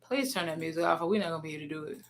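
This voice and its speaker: A woman's voice: deep voice, very fast, slight background noise. A woman hosting a casual reaction commentary, making blunt, sassy asides to her chat. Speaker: commentary host.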